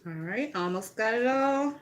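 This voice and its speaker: A woman's voice: fairly high pitch, expressive, normal speed, slight background noise. A woman chatting casually and gossiping bluntly, with a lot of swearing, while she works on a craft project. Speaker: vlogger.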